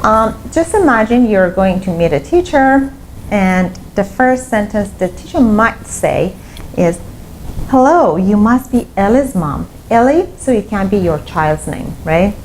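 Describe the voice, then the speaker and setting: A woman's voice: medium pitch, expressive, unhurried, slight background noise, low-quality recording. Woman teaching English step by step. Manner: explains step by step, repeating examples. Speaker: English teacher and language school founder. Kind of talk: online English lesson.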